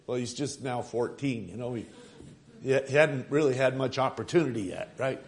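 A man preaching a sermon, retelling a story with dramatic slowing and rising for emphasis. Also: medium pitch.

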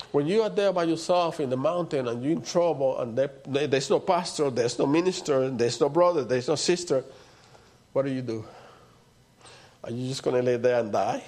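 A high-pitched male pastor preaching to his congregation. He fires rhetorical questions and answers them himself. He moves from loud, emphatic phrases to low, almost hushed lines. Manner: rhetorical questions with call-and-response; swings between loud emphatic and low quiet delivery. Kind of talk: sermon.

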